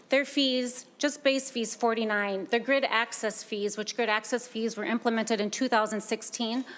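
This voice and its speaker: A woman from Minnesota delivers testimony in a legislative hearing room. Her voice sits a little high, and she speaks with earnest emphasis, circling back to her main points. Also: a bit bright. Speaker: solar business owner testifying.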